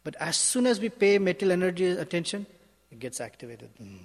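A male spiritual teacher giving a sermon in a measured, emphatic way, often asking rhetorical questions. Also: high-pitched, very animated. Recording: long hall reverb.

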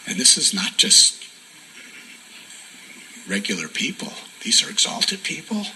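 A man giving a sermon as a devotional story, soft-spoken and often dropping to a near whisper for emphasis. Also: medium pitch, wildly swooping pitch, measured pace, a little hiss or hum, poor audio. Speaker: spiritual teacher.

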